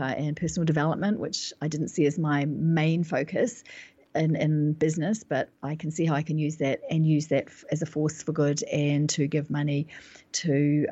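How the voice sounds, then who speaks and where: A woman's voice: sits low, warm tone, breathy edge, dry recording, highs cut off. A New Zealand woman in her forties, a business consultant recounting her career in an interview, self-assured and reflective, with frequent fillers. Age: 40s. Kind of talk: interview storytelling.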